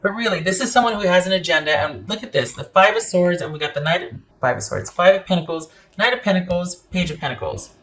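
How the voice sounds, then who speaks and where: A woman's voice: fairly low pitch, expressive, fast, few pauses. A woman giving a casual tarot reading to camera, emphatic and opinionated as she speaks straight to the viewer. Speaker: tarot reader.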